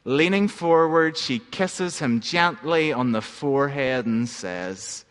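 A pastor telling a gentle story in a sermon, letting line endings fall soft. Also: male voice, medium pitch, lively intonation, takes it slowly, hardly any pauses, clean tone, long reverb tail.

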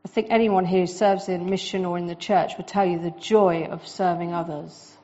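A woman preaching a sermon in a lively, conversational way, with quick asides to the congregation. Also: lowish voice, lo-fi sound.

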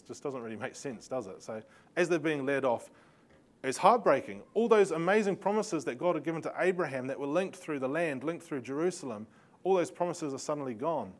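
A man with a fairly high-pitched voice teaches a Bible lesson from slides at a fairly quick pace. He tells the story in a lively way, throwing in sarcastic remarks and laughing asides.

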